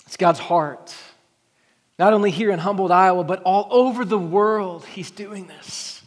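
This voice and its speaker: Pastor, male, high voice, earnest preacher who swells for emphasis, sermon in a big echoing church. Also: unhurried. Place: church sanctuary. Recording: long reverb of a church hall.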